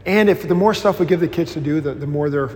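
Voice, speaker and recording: Rambling pastor, lightly high voice, hall echo. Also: male voice, fast. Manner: rambling, animated storytelling with many restarts; self-deprecating humor. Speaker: pastor teaching a new member class. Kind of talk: informal Bible class teaching.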